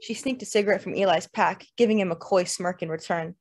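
A woman narrating a literary novel in the first person, measured and lyrical. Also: medium pitch, a little mellow. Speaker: audiobook narrator. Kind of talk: literary fiction reading.

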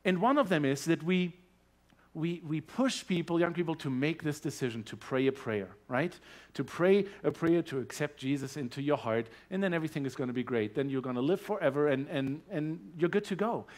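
A man with a German accent giving a personal testimony in a church service, earnest and growing animated as his story builds. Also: fairly high pitch, fairly quick. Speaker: guest speaker sharing his testimony.

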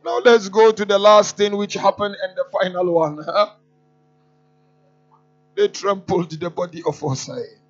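A man with a very high voice preaches a mournful sermon with impassioned fervor. He often checks on his listeners with a quick questioning "huh?". The recording is dull and lo-fi, with faint music in the background. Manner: impassioned, prompts listeners with 'huh?'. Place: mosque.

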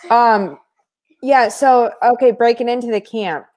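A woman as a podcast guest, telling stories in a casual, animated way with frequent laughter. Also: on the high side, a little slow. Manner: animated, laughs often mid-story, many fillers. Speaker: podcast guest, former reality show contestant. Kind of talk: casual storytelling chat.

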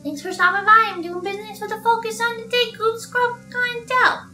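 A woman voicing a scheming male plant-creature merchant cast as a mob boss, reading game text with a salesman's pitch. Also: level tone, brisk, sharp tone, echoey room, recorded from a distance, faint music behind. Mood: salesy. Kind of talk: let's play voice acting of game text.

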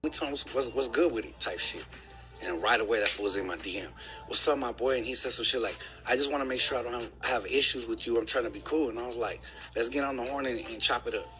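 A man's voice: mid-range voice, fast, music in the background, rough recording. A man telling a story in casual slang, quoting the other people in it. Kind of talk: recounting a story in a clip.

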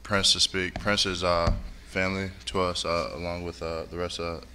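A man with a very deep but bright-toned voice, introducing the next speaker at a funeral service. He speaks in a flat, halting way with many pauses. The room has a faint hum behind him. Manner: halting, many fillers, low-key. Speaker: family member introducing speakers. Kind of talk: brief spoken introduction at a funeral.

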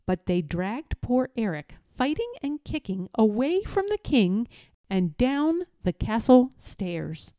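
A woman narrates a children's picture book aloud at an unhurried pace. Her voice is mellow and sits a bit high, with lively, rising and falling intonation. The recording is dry and close to the mic. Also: no room sound. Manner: slow, expressive storytelling.

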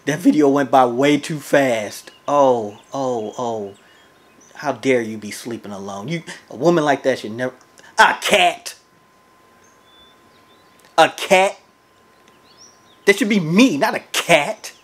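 Excitable man reacting on camera, husky. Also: mid-range voice, takes it slowly, pauses often. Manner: excitable, laughing asides, talks to viewers. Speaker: reaction video host. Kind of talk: casual reaction commentary. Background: music video playing faintly.

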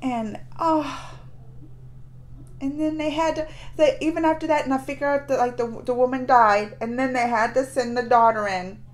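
A woman's voice: sits high, fairly even intonation, normal speed. A woman hosting a reaction video, talking emotionally and exclaiming at what she watches. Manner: emotional, exclaiming, gasping and laughing. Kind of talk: casual reaction commentary.

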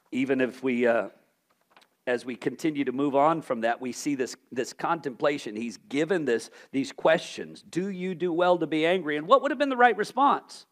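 A male pastor with a fairly high-pitched voice preaches a sermon. He poses rhetorical questions and swings between loud emphasis and hushed tones.

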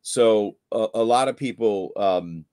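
Man, lower register, laid-back live-stream guest, anecdotal, repeats catchphrases, dry close mic. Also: a little slow, dark tone, clean tone, dry recording. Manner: storytelling, repeats catchphrases like "there you go". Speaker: guest angler. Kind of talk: casual live-stream chat.

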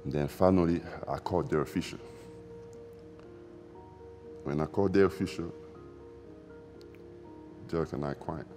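Deep, mellow-voiced man, halting. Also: faint music behind. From Democratic Republic of the Congo. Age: 40s. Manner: halting, reflective, repeats phrases, loose grammar. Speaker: interview guest, former basketball player. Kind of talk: emotional recollection in a sit-down interview.

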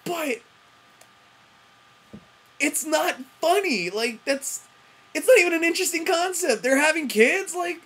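A woman's voice: very high voice, expressive, a little slow, long pauses, a bit bright. A woman ranting in a TV review vlog, profane and rambling, often breaking off mid-sentence. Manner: frequent self-interruptions and fillers. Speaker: TV review vlogger.

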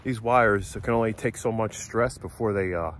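A man narrating a casual vlog outdoors on a farm, explaining things in a relaxed, rambling way with lots of fillers. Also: on the low side, normal speed, a little hiss or hum. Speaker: vlogger visiting a friend's farm.

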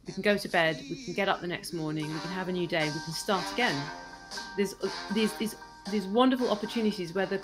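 A woman's voice: medium pitch, fairly bright tone. Enthusiastic woman podcast guest. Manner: enthusiastic, reflective. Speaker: guest, coaching psychologist. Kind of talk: podcast interview.

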